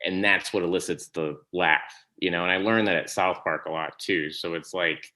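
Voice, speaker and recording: A man, a podcast guest, telling stories in casual conversation, animated and laughing often. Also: low voice, normal speed. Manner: animated storytelling, laughs often, trails off and restarts.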